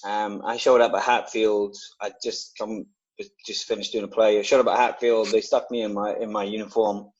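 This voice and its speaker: Swearing, animated male storyteller. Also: fairly low pitch, normal speed, breathy edge, highs cut off. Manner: swears freely, animated anecdote with laughs. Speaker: actor guest. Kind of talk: casual storytelling.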